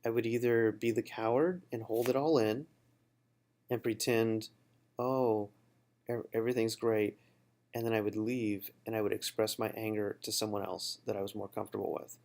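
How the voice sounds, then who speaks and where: Gravelly low-voiced man reflecting aloud. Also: steady tone, a little fast, darkish tone. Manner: reflective, conversational, with fillers and restarts. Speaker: book study host. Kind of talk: casual personal storytelling and book discussion.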